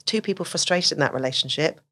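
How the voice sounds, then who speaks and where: Brief: middle-aged woman, deep voice, lively explainer who acts out quotes. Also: quick pace. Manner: animated, acts out quoted speech. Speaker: autism specialist guest. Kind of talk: conversational advice interview.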